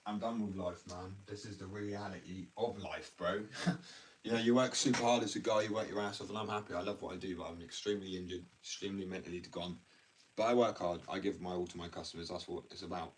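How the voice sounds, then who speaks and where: Rambling low-voiced man ranting on a stream. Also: fairly even intonation, quick pace. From England. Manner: rambling, blunt, slangy. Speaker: live streamer. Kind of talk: casual livestream rant. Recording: distant mic with faint background noise.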